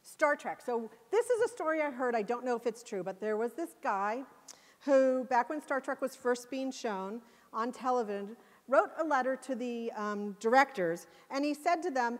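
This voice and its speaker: A woman's voice: fairly high pitch, expressive, normal speed. Passionate woman speaking in an echoing hall. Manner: passionate and emphatic. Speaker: conference speaker. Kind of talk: conference talk. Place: conference hall. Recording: long hall reverb.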